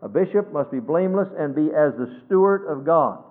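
A man preaching a sermon, emphatic, swinging between loud stresses and hushed phrases and quoting scripture in a measured cadence. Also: fairly high pitch, animated. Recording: tinny phone-like sermon recording.

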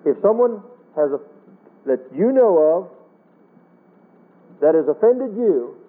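High-voiced preacher on tinny radio. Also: male voice, big pitch swings, slow. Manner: earnest, pleading, quotes scripture in King James wording. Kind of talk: sermon. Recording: tinny phone-like radio broadcast.

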